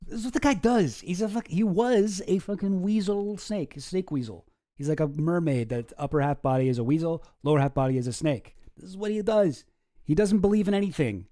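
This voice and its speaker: A man's voice: sits high, fairly quick, mellow, no echo, studio quality. A man hosting a stream, reacting to clips with rambling, profane, sarcastic chat. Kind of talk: casual chat.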